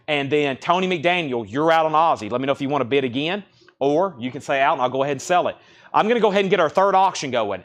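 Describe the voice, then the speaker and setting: A man hosting a live vinyl record sale stream, briskly repeating prices and bidder names. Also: on the high side, fairly bright tone. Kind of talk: live auction sales stream.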